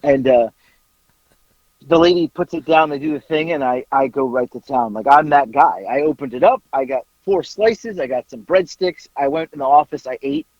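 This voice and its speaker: A man on a podcast telling a casual story, animated, acting out bits of dialogue and swearing casually. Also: mid-range voice, normal speed, no echo, dull audio. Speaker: podcast co-host.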